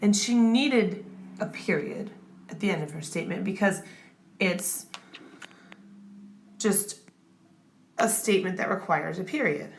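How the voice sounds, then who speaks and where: A woman's voice: mid-range voice, unhurried, pauses often, a little hiss or hum. A woman tutoring grammar, explaining step by step and checking in often with the listener. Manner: patient, checks in with "okay?" and "right?". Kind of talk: classroom explanation.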